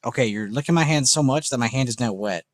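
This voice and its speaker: Give me a man casually chatting on a live stream, with an average pitch and a dry sound. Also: quick pace, no echo. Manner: chatty, talks to his dog between chart comments. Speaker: livestream trading host.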